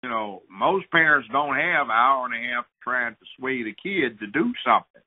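A man's voice: mid-range voice, animated, moderate pace. Emphatic man lecturing over a phone line. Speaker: guest, judge. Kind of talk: interview talk, storytelling and advice. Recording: phone-like narrow sound.

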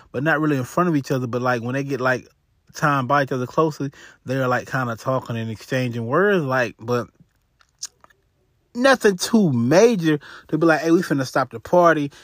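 A man's voice: a little high, no echo, studio quality. A man telling a true crime story in a casual, slangy way full of fillers.

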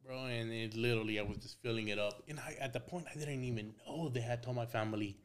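A man's voice: mid-range voice, steady tone, fast talker. A young man, a tattoo artist, telling stories on a podcast in a laid-back way, swearing a lot and acting out quotes. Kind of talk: casual storytelling chat.

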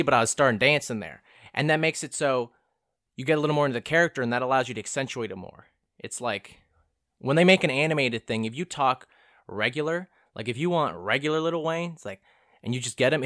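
A man's voice: mid-range voice, a bit bright, no room sound, studio quality. A young man in his twenties rambling casually through a self-deprecating, profane monologue as a vlogger.

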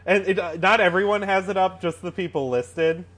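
Sarcastic man with a higher voice. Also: normal speed, fairly bright tone. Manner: exasperated, sarcastic, swearing. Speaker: podcast co-host. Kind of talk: casual movie recap chat.

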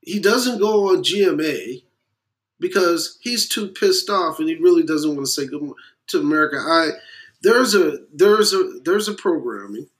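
A man of West Indian heritage delivering a blunt, profane opinion rant, with loud emphatic bursts and muttered asides. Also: on the high side, lively intonation, normal speed. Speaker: commentator.

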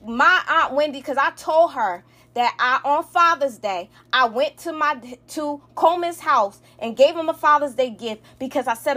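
A woman in her thirties with a high voice tells her side of a family fight, heated and cursing freely. She rambles and restarts her sentences as she talks things through. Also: lively intonation, moderate pace, few pauses, sharp tone. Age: 30s. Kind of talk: emotional storytime rant.

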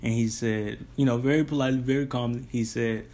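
A man's voice: mid-range voice, a little fast. Casual young man telling a story. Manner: rambling, restarts, relaxed colloquial. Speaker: delivery driver.

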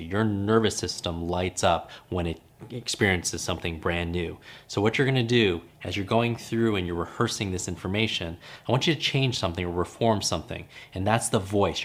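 A man with a very low voice coaches his listeners through a podcast lesson. He leans on emphasis and repeats his key points. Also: a bit bright. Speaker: memory coach hosting a podcast. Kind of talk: instructional podcast talk.

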